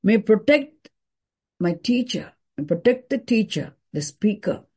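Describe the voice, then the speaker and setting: A woman teaching a scripture class, explaining terms deliberately and repeating key words for emphasis. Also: medium pitch, lively intonation, a little mellow, husky.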